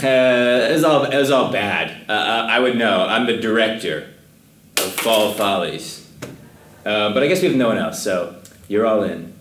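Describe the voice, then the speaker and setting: A man playing a show director in a comedy sketch, deadpan and halting. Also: fairly low pitch. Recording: roomy echo, heard from a distance, faint noise.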